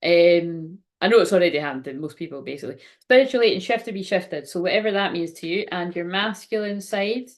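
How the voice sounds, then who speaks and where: A woman with a fairly low voice talks quickly, barely pausing. She hosts a casual live-stream tarot reading, chatting with viewers, laughing a lot and swearing offhandedly.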